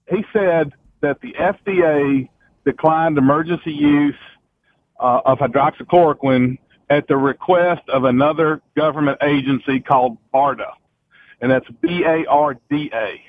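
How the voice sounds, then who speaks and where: A man's voice: on the high side, normal speed, a little hiss or hum. Man calling in over a tinny phone line. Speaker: caller. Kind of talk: calling in to a radio show.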